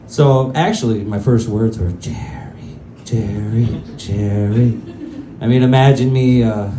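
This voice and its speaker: A man's voice: fairly low pitch, background noise. A male stand-up comedian telling crude, self-mocking stories in a loose, rambling way on a comedy club stage. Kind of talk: stand-up set. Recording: roomy club with faint ambience.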